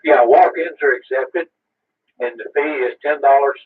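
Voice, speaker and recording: A man checks into an amateur radio net with an announcement, keeping it brief and answering in radio procedure words. His voice is husky. It comes through a narrow, phone-like radio transmission. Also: mid-range voice, normal speed.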